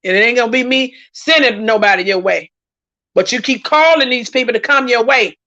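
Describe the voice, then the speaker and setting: A woman hosts a casual livestream, talking emphatically and circling back to repeat her points. Her voice sits high and sounds bright and forceful. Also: a little fast, dull audio. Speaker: host reading viewer comments.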